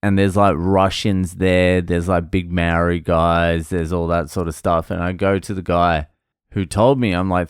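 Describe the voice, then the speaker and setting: A man's voice: low-pitched, unhurried, clean tone, no echo, clean studio sound. A man telling a rambling, profane story about his work day in a casual vlog.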